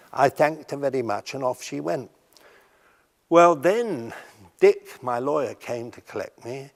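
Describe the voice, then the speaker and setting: An older man telling stories from his life in a documentary interview, halting and often restarting his sentences. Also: medium pitch, lively intonation, in a large hall. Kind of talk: recounting memories in a documentary interview.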